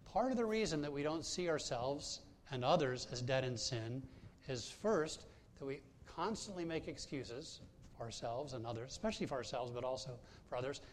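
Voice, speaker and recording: A man's voice: medium pitch, slight background noise. A man preaching a sermon as pastor, telling a personal story in a conversational way with frequent hesitations and restarts.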